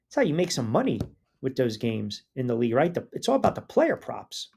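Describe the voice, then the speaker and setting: Sports radio host, male, gravelly edge, animated and chatty while working through listener comments. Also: a little fast, slight background noise. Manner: animated and conversational, rising pitch when fired up. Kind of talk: live sports talk show, reading listener comments.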